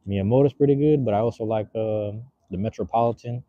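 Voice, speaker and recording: Puffing on a cigar, this livestream host reads out chat messages in slang and rambles along in a relaxed, loose manner. His voice sits on the low side and moves at a quick clip, captured in a muffled recording with no room sound.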